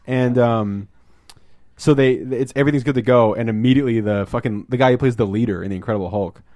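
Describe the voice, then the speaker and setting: A man hosting a casual podcast, talking about a film, rambling and swearing and acting out scenes in quick put-on voices. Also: mid-range voice, mellow, no echo, studio quality. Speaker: podcast host.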